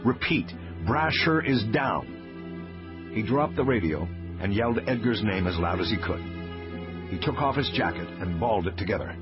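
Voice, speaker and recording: A man's voice: fairly low pitch, lively intonation, brisk. A man giving a scripted audiobook narration of a crime novel in a dramatic reading manner. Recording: dull lo-fi audio with faint music.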